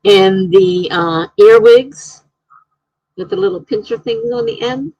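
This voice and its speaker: A woman live-streaming from home, chatting casually, reading viewer comments aloud and telling excitable stories. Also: mid-range voice, normal speed, breathy edge, no echo, low-quality recording.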